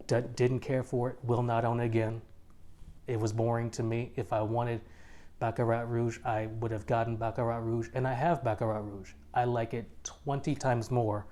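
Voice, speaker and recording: Young adult male reviewer with a casual vlog delivery, mid-pitched and mellow, blunt and emphatic. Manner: blunt, emphatic, repeats points for effect. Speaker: fragrance reviewer.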